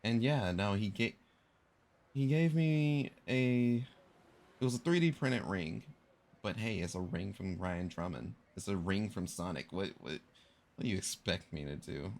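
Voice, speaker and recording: Young male streamer, unhurried low voice, rambling casual storyteller. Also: animated, a little mellow. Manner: rambling, self-correcting, slangy storytelling. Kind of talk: casual live-stream chat.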